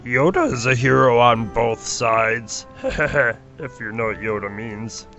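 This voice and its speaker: A man co-hosting a podcast, cracking jokes in a relaxed, drawn-out way, on a dull lo-fi recording. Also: mid-range voice. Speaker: podcast co-host. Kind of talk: casual recap chat. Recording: dull lo-fi with faint music.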